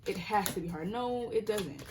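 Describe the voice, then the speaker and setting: A young woman does a casual tarot reading in a mid-range voice at a moderate pace, with noise in the background. She rambles earnestly, often cutting herself off mid-thought, and now and then laughs or drops to a whisper.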